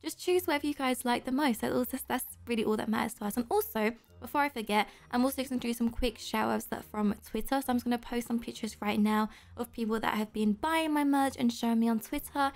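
Brief: young-sounding woman game streamer, high voice with vocal fry, bubbly, gasps and squeals a lot. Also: quick pace, few pauses. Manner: excitable, gushing, frequent gasps and squeals; talks straight to viewers. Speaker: YouTuber host. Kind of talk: Roblox gameplay commentary.

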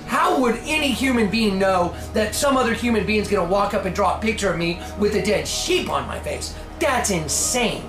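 Animated man telling a story in a roomy space. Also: high voice, brisk, few pauses. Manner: animated, mimics voices and shouts. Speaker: speaker in a video. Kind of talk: storytelling, acting out quotes. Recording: roomy with music underneath.

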